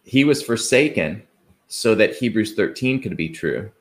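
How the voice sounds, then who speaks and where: A man delivers a sermon in a slightly low voice. He speaks earnestly, in a conversational way, asking his listeners rhetorical questions and quoting scripture. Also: expressive, a little slow. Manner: conversational, with fillers and restarts. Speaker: preacher.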